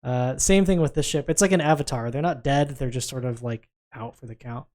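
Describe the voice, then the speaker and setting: A man's voice: mid-range voice, a little mellow. A man acting as game master, calling for dice rolls and narrating what happens. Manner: brisk, calls for dice rolls and narrates results.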